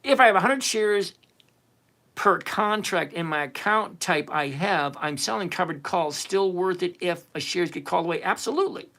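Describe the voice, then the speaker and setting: This high-voiced man runs a trading livestream at a moderate pace, fielding questions from the chat. He's animated and playful, needling viewers and repeating himself for emphasis.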